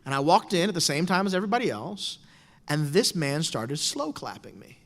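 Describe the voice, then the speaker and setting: A middle-aged man's somewhat high voice carries briskly through a lecture hall with long reverb and a noisy background. He's giving a talk, telling the audience a wry personal story in an animated way and slipping into quoted voices.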